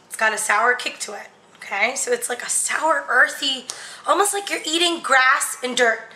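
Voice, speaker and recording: A woman's voice: sits high, normal speed, sharp tone, low-quality recording. A woman chatting casually as she talks viewers through a demonstration, step by step. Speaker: vlogger.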